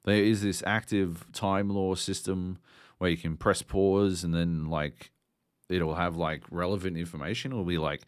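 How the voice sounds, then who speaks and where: A man's voice: sits low, fairly even intonation, unhurried, clean tone, no echo, clean studio sound. A man co-hosting a podcast, ranting sardonically and swearing constantly in casual chat. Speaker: podcast co-host.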